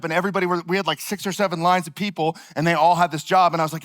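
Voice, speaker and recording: Male pastor with a somewhat high voice, loose and chatty, storytelling sermon. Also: quick pace, few pauses. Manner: animated, conversational, heavy use of "like".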